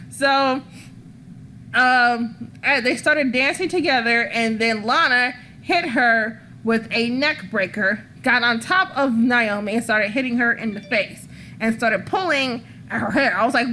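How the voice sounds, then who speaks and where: A woman hosting a casual podcast in a bright, slightly high voice. She rambles through her stories, swears freely and laughs often. A faint hiss sits under her voice. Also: measured pace. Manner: rambling, profane storytelling. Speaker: wrestling podcast host. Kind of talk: casual chat.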